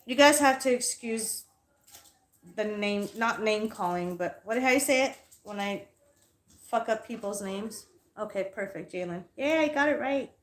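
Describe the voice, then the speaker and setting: A woman hosting a casual livestream as a psychic reader, telling stories in a heated, profane way and sounding tired. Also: medium pitch. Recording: echoey room.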